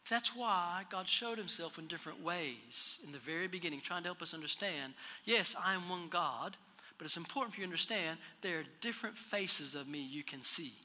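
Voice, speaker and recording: A man preaching in a church, telling a personal story, moving from hushed, low passages to loud, raised exhortation. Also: animated, a little fast. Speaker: pastor. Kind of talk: storytelling sermon. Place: church hall. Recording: echoey hall reverb.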